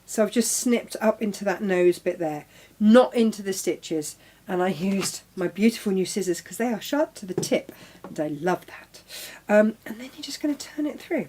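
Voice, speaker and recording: A woman's voice: mid-range voice, animated, moderate pace, hardly any pauses, a little mellow. A middle-aged woman hosting a live sewing demonstration, chatting casually, talking to her tools and exclaiming as she goes. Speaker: crafting show host.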